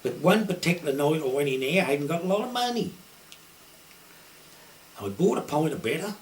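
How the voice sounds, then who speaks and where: Older Suffolk countryman, a fairly high voice, a rural yarn-spinner who does the voices of the people in his stories. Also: big pitch swings, a little fast, slight background noise. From Suffolk, England. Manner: broad rural dialect, acts out quoted dialogue. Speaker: retired poacher. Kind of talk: anecdotal storytelling.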